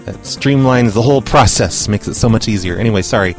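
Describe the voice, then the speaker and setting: A man's voice: on the low side, fairly quick, faint music behind. A man hosting a prank call radio show, brash and profane, talking casually and posing as an official on calls.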